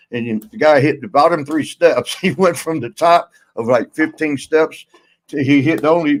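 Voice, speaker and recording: A man spins a loose, unscripted yarn as a podcast host, stopping and restarting often and chuckling along the way. His voice sits at an ordinary middle pitch. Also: rough recording. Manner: rambling, halting, chuckles through his story. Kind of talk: casual storytelling.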